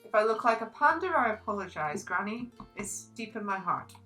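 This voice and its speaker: A young woman chatting through a book review, her voice bright and forward with a lively, swooping pitch. She gushes and gets animated about favourite characters. Faint music sits under her talk. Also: fairly quick, low-quality recording. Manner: animated, gushing, reads quotes aloud. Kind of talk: casual book review vlog.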